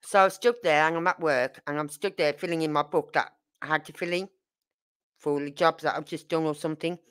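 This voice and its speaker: A woman hosts a casual livestream and tells animated stories about her own life. She acts out both sides of each exchange. Her voice sits a little low but comes across bright and forceful. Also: fairly quick, clear, resonant tone. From Birmingham, England. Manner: animated storyteller acting out dialogue. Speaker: livestream host. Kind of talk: casual live chat.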